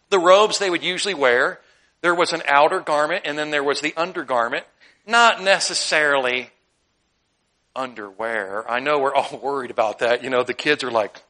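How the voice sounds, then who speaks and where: A man's voice: medium pitch, fairly quick. A man preaching a sermon, reading scripture and joking with laughing asides. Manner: humorous, animated, laughing asides. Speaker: pastor.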